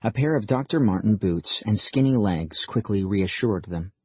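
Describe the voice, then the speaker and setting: A man reading an audiobook with steady narration. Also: fairly low pitch, moderate pace, slightly rough, dry recording. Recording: muffled dull recording.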